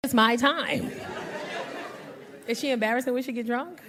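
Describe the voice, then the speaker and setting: A woman's voice: a little high, moderate pace, a crowd in the background, noisy background. A middle-aged woman performing stand-up on a club stage, teasing the audience with brash, profane banter. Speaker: stand-up comedian. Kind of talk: live stand-up set with crowd work. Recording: live audience laughter.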